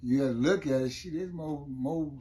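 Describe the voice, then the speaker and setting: A man's voice: fairly high pitch, normal speed, mellow. Older man, rambling prison stories, interview guest, repeats himself. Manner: rambling, repeats "you know what I mean". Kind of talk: casual storytelling interview.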